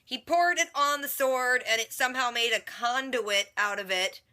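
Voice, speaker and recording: A woman's voice: a little high, normal speed, bright, forceful tone. A woman vlogger recapping a TV episode in a casual, sarcastic, chatty way, full of "like". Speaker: TV reaction vlogger.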